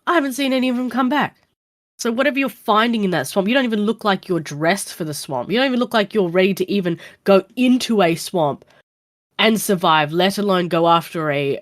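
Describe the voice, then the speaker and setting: Woman putting on a gruff old bartender. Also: medium pitch, moderate pace, pitched above the performer's own voice, lightly acted. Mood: exasperated. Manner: scolding, exasperated, sarcastic. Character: gruff older male bartender, scornful.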